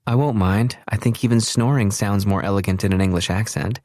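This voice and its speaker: A man's voice: on the low side, brisk, a little mellow, no room sound, studio quality, natural voice. A man voicing an anxious, scattered young woman who talks in an eager, chatty and slightly flustered way.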